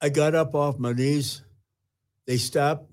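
An older man, a retired pastor, earnestly telling his personal testimony with halting restarts. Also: a little high, steady tone, darkish tone.

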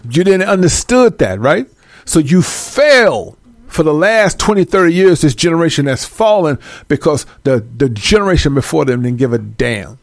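A man's voice: on the high side, big pitch swings, moderate pace, creaky, no echo. Blunt, scolding male street preacher. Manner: emphatic, repeats words for stress. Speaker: religious teacher. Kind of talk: street-style preaching with scripture reading.

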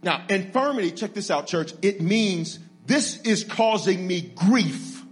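This energetic sermon comes from a man who is a pastor, bantering with his flock and drawing them into call-and-response. Low, muttered remarks give way to loud, stretched-out climaxes.

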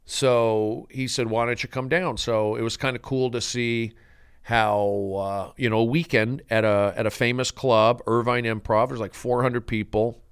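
A man's voice: medium pitch, little pitch movement, unhurried, clear, resonant tone, no room sound, studio quality. Man, comedian, podcast host, comedic monologue, rambling, mock-grandiose.

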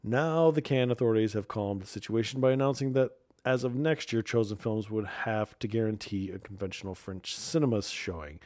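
A man with a lowish, mellow voice hosts a casual talk show. He rambles through the stories with sarcastic asides and mutters under his breath. The sound is dry and close to the mic. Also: fairly quick, hardly any pauses, no echo. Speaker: podcast host. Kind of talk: casual commentary and news reading.

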